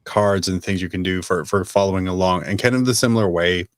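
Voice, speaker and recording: A man's voice: sits low, fairly quick, smooth, no echo, clean studio sound. A man co-hosting a podcast in casual chat, steering the talk with questions. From United Kingdom. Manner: leads the discussion with questions. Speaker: podcast co-host.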